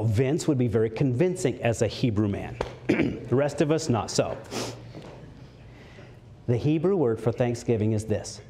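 In a mellow voice, a man who is a pastor preaches earnestly, stretching out important words, rising in pitch when stirred and weaving in light humor.

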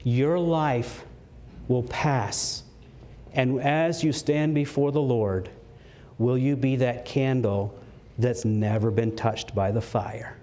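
With a steady, slightly mellow tone, a male pastor gives an earnest sermon, slowing on key words, lifting his pitch when stirred, and tossing in light jokes.

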